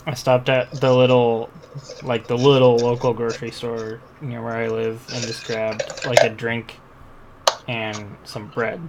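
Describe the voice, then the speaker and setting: A man's voice: mid-range voice, little pitch movement, measured pace, noisy background. A man co-hosting a podcast, telling a story in a laid-back way and laughing through it. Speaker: podcast co-host. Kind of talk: casual storytelling.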